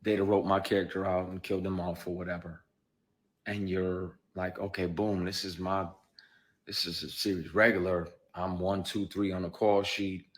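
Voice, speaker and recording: Low-pitched and level, at a moderate pace, the man talks off the cuff on a live stream. An actor by trade, he addresses viewers with heated, profane bluntness and drives points home through repetition.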